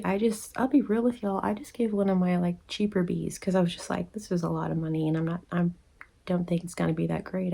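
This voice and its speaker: Chatty woman, mellow lowish voice. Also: creaky, breathy edge. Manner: chatty, acts out quoted people with pitch jumps. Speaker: crochet vlogger. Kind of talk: casual storytime chat. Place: indoors at home, rain outside.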